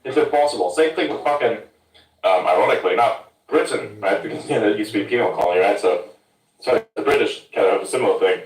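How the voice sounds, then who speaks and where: A man's voice: fairly low pitch, fast. A man from Germany ranting bluntly and swearing in a casual podcast chat. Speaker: podcast host. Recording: roomy sound from a distance.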